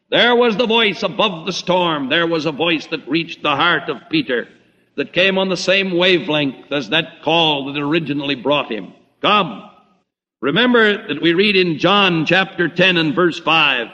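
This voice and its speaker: A man preaching a sermon, dramatic, swinging between loud emphasis and hushed low tones. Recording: muffled lo-fi recording in a reverberant hall.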